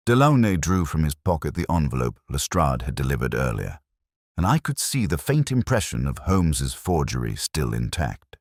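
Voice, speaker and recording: Man, very low voice, scripted narration, measured, lively intonation. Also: no room sound, clean studio sound. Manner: measured storytelling.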